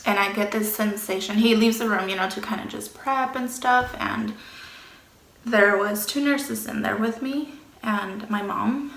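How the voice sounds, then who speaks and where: A young woman speaks with a bright, clear voice as she tells a personal story to the camera. She talks casually and acts out what people said, sometimes dropping to a whisper. The room echoes a lot. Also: medium pitch, unhurried. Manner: animated, acts out quotes, drops to whispers. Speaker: vlogger.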